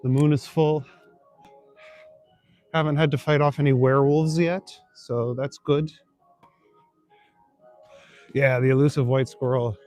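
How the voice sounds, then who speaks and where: Walking city streets at night, a young livestreaming vlogger chats casually with viewers, reading and answering their comments in a laid-back, rambling way full of fillers and chuckles. His voice is medium-pitched and darkish, with fairly even intonation and a measured pace broken by frequent pauses. Soft music plays in the background.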